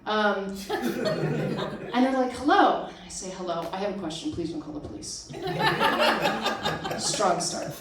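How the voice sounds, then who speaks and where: A woman's voice: mid-range voice, huge pitch swings, unhurried, very noisy. A young woman performing a self-deprecating stand-up set at a small arts venue, laughing at her own jokes. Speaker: stand-up comic. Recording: echoey room, distant mic, audience laughter.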